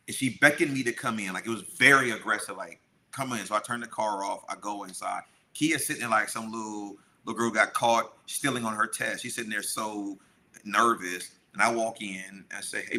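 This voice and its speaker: Middle-aged guy on a podcast, lowish voice, super bright and forceful, acts out quotes, faint hiss behind. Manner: animated storyteller acting out quotes. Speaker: podcast co-host. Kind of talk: storytelling casual chat.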